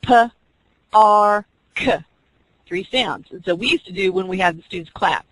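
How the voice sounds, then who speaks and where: Woman lecturer, online class, bright clear voice, dry close sound, step-by-step explaining. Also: fairly low pitch, fast, no echo, low-quality recording. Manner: explains step by step, acting out teacher and student examples. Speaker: teacher educator.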